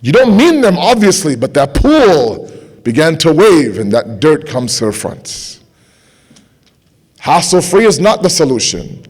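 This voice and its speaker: A young man giving a sermon to a gathering, impassioned, repeating phrases for emphasis and dropping to quiet intensity. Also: on the high side, very animated, measured pace, slightly rough. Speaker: speaker at a religious gathering.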